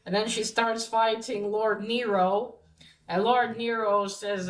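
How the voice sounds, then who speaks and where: Slow, hesitant woman in an echoey room. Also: a little high, steady tone. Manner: hesitant, many fillers and restarts. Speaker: podcast host recapping a comic. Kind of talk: casual spoken recap.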